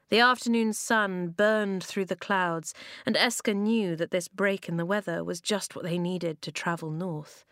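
Low-voiced woman reading a children's story. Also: no echo, clean studio sound. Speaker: audiobook narrator. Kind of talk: storybook narration.

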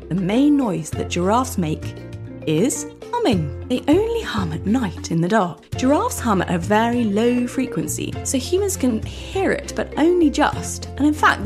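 A woman hosting a children's podcast, reading a script in an animated way and often asking her young listeners questions. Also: mid-range voice.

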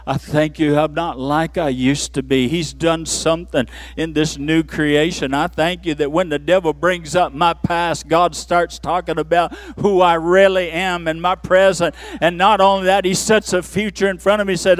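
A man preaching a sermon in church, swinging from low murmurs to shouted peaks with playful asides. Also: moderate pace, hardly any pauses, no echo. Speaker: pastor.

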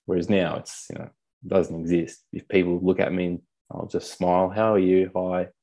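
A man's voice: low-pitched, flat delivery, moderate pace, creaky, warm tone. A young man speaking candidly as a podcast guest, blunt, swearing casually and calling people mate. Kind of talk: candid conversational storytelling.

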